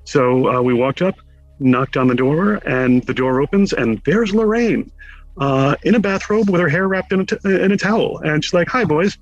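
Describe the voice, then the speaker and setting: A man from Connecticut, a guest in an interview, telling a lively anecdote with wry humor and acting out the quotes. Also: on the high side, moderate pace, dry recording, dull audio, faint music behind. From Connecticut, USA. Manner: animated storyteller who acts out quotes with wry humor. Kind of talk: casual anecdotal storytelling.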